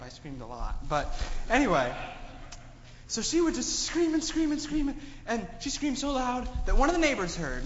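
High, lively man telling a children's story. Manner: asks children many questions, animated storytelling. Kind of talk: children's sermon. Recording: echoey hall, dull sound, faint noise.

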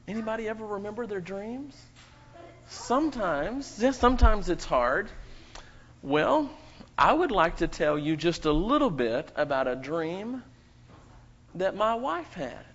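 A man's voice: high-pitched, sing-song, a little slow, fairly bright tone, dull audio. A man serving as pastor in a church, leading a prayer and then telling a children's story with playful questions to the kids. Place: church sanctuary.

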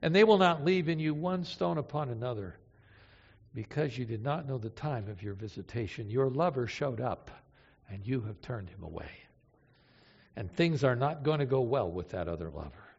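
A man preaching a sermon, emotive, moving between hushed and impassioned delivery. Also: medium pitch, animated, normal speed, vocal fry, breathy edge. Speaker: pastor. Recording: reverberant hall, dull lo-fi sound.

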